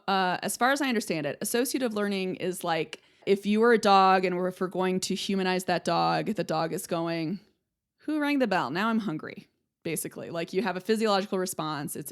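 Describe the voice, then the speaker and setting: A young adult woman hosting an educational podcast, chatting casually and checking in with listeners as she explains. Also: on the low side. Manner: chatty, explains with analogies, checks in with "right?" and "okay?". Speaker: podcast host, speech-language pathologist.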